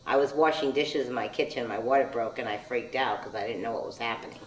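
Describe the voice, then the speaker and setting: An older woman with a very low voice tells her story as a birth mother, plainly and frankly. The mic is far away in an echoey room. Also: fast talker. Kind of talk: documentary interview. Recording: roomy distant mic.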